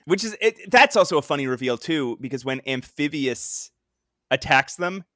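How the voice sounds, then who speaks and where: A man's voice: fairly high pitch, lively intonation, moderate pace, a bit bright, no room sound, studio quality. A man co-hosting a comics podcast in casual chat, laughing often and acting out quoted lines. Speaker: podcast co-host.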